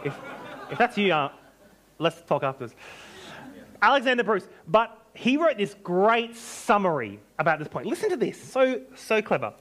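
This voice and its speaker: A man preaching a sermon as pastor, emphatic and animated, with joking asides. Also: on the high side, normal speed.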